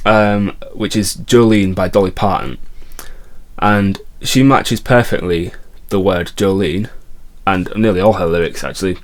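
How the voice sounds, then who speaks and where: A man with a somewhat low voice gives a songwriting lesson as a guitar teacher. He explains step by step in a patient, friendly teaching tone and now and then stops and restarts a phrase. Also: steady tone, measured pace. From England.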